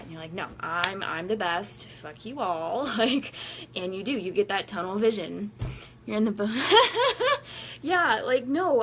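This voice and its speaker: Woman vlogger ranting to camera, swears a lot, laughs a lot, regular pitch, faint noise behind. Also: fairly bright tone. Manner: blunt and profane, laughing often, acting out quotes. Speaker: vlogger giving workout motivation. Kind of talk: casual candid monologue to viewers.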